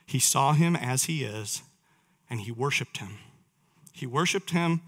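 A man's voice: mid-range voice, lively intonation, a little slow, a bit bright. A man preaching a sermon, reading scripture aloud and putting questions to his listeners. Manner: reads verses aloud, asks the listeners questions.

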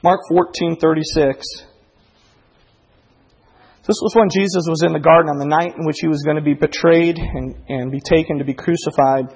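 A man in his thirties preaching a sermon as pastor, moving from quiet reflection to fervent preaching. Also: on the high side, gravelly, breathy edge. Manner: builds from quiet reflection to impassioned, near-shouted preaching. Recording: long hall reverb.

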